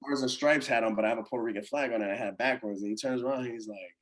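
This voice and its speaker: A man who coaches college baseball, telling a story in a casual podcast chat, animated and full of slang and swearing. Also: medium pitch, rapid-fire. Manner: animated, slangy and profane, with many acted-out quotes.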